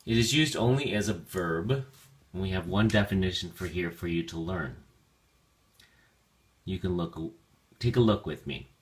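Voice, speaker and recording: A man teaching English vocabulary to learners, repeating each word slowly and carefully with clear enunciation and occasional ums. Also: sits low. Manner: slow, careful enunciation of words. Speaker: ESL teacher. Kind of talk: vocabulary lesson narration.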